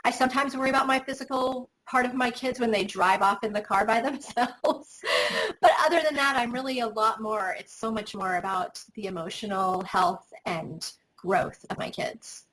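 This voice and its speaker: A woman's voice: on the high side, fairly even intonation, normal speed, hardly any pauses, fairly bright tone, slight background noise, low-quality recording. A woman in her forties, a business coach and mother, talking casually in an interview with many fillers. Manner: chatty, frequent "like" and "um" fillers.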